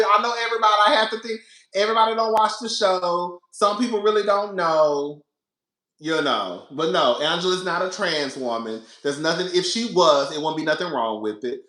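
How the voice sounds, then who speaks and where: Animated chatty man with a bright high voice. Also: roomy sound. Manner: animated, chatty, addresses viewers as girl and baby. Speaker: reality TV commentator. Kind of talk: casual commentary to viewers.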